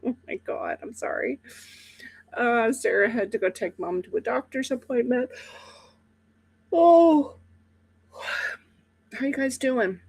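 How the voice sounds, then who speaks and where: A woman with a slightly high, creaky, somewhat rough voice speaks at normal speed in a dry recording. Hosting a casual livestream, she rambles to viewers with plenty of fillers, sounding sleepy and yawning.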